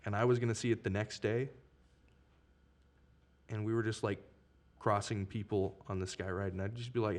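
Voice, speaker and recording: A young man guesting on a podcast, telling stories about movies in a relaxed, enthusiastic way. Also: lowish voice, moderate pace, pauses often. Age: young adult. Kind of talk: casual chat.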